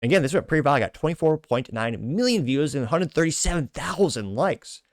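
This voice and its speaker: A man's voice: fairly high pitch, expressive, brisk, dry recording, clean studio sound. A man hosting a commentary podcast, reading social media replies aloud with sardonic asides and frequent self-corrections. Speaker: show host.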